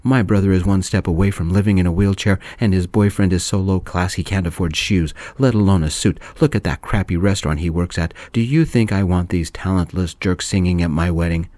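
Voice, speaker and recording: A spoiled, tipsy young bride who whines and shouts like a petulant child, as a male reader puts her on. Her voice is pushed higher and louder than the reader's own low voice. The reading sounds close and dry. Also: fairly even intonation, brisk, hardly any pauses, no echo, natural voice. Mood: yelling. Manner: whining and yelling, petulant. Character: spoiled drunk young bride, whiny, shrill.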